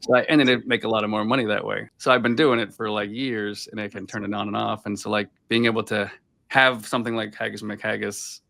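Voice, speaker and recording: A man's voice: fairly low pitch, flat delivery, fairly quick, creaky, bright, forceful tone. A man from Boston, a voice actor guest, telling rambling anecdotes in a casual interview over a video call. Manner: rambling anecdotes full of filler "like".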